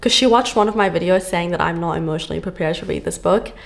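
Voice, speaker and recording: A woman's voice: on the low side, fast talker, creaky. A woman book vlogger chatting casually to camera, gushing and full of fillers, filmed at home on a camera on a stand.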